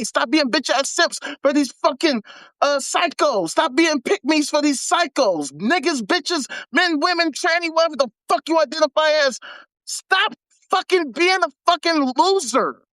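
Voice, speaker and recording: A woman with a high voice hosts her own livestream and rants in a blunt, heated way, swearing freely. The sound is dry and close, with no room echo. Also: a bit bright. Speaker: livestream host. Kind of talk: profane casual livestream rant.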